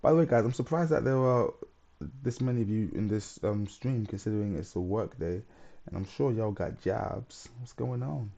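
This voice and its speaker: A man's voice: on the low side, moderate pace, creaky, dark tone, muffled recording. A man hosting a live stream, chatting casually and reading out viewer comments in a rambling way.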